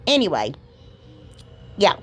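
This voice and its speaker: A woman's voice: fairly low pitch, huge pitch swings, slow, fairly bright tone, slightly rough. A middle-aged woman, rambling and joking at herself as she narrates a craft project with folksy exclamations. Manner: chatty, rambling, self-deprecating, folksy exclamations. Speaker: craft video host. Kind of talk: casual crafting voice-over.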